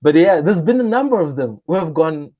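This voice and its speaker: A man's voice: a little high, a little fast, dull audio. A young South African man, a comedian guest in an interview, telling stories animatedly and acting out the voices of the people in them. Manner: animated, acts out quoted voices. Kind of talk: casual interview storytelling.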